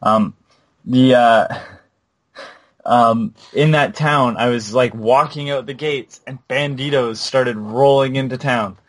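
A man in casual podcast chat about a video game, halting and full of fillers, laughing now and then as he tells stories. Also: medium pitch. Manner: halting, lots of fillers and restarts, laughs while telling.

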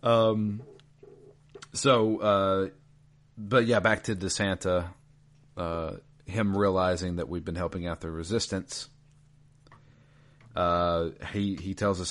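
A man with a very deep voice talks through a video game story in easygoing chat. He rambles a little and fills gaps with ums and uhs as he goes. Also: takes it slowly, pauses often. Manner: relaxed, rambling, filler-heavy.

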